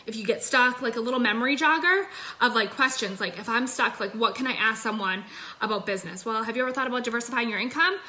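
A woman's voice: fairly high pitch, fast, sharp tone. A young adult woman giving a chatty, upbeat sales coaching talk into her phone, full of fillers. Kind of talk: casual livestream coaching talk.

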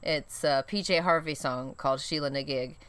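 A woman's voice: sits low, moderate pace, fairly bright tone, clear, resonant tone, no room sound. A woman co-hosting a podcast in a casual chat, playful and giggly, often teasing herself. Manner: playful, giggly, self-mocking. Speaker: podcast co-host.

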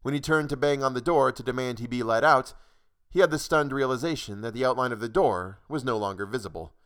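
Man, audiobook narrator, measured, dry storytelling. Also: mid-range voice, fairly bright tone. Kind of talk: audiobook reading of a short story.

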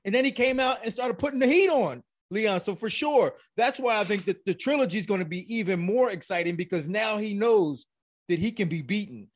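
A man's voice: high-pitched, animated, brisk. A man in a casual chat, giving emphatic fight analysis.

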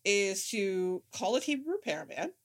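Woman, mid-pitched, halting delivery, casual film chat. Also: sing-song. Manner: halting, with many restarts and fillers. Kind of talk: casual movie discussion.

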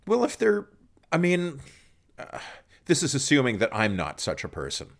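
A man's voice: a little high, huge pitch swings, moderate pace, vocal fry. A man talking casually as a guest scholar, profane and self-mocking, telling stories with plenty of swearing. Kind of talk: casual conversation.

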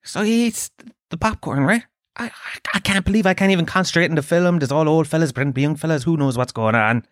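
Ranting profane podcast host. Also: male voice, a little high, quick pace, no echo, studio quality. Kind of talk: comic storytelling monologue.

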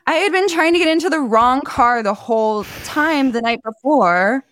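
Laughing, animated woman podcast host. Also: high-pitched, normal speed, no echo, clean studio sound. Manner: animated, laughing storyteller, acting out quotes. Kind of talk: casual storytelling chat.

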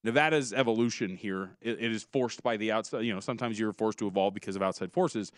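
A man's voice: on the low side, fast talker, dry recording, studio quality. A man co-hosting a casual sports betting show, talking emphatically with frequent restarts.

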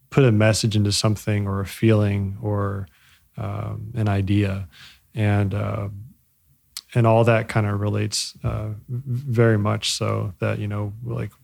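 Man, low gravelly voice, flat delivery, halting reflective interview answers. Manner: halting, many fillers and restarts; reflective, searching for words. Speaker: bike company co-founder. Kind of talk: casual interview.

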